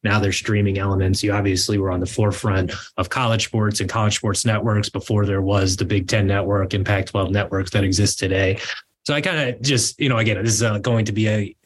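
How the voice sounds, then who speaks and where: A man's voice: fairly low pitch, fairly even intonation, brisk, a little hiss or hum. A man hosting an interview for students, asking long, hesitant, winding questions. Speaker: interview host.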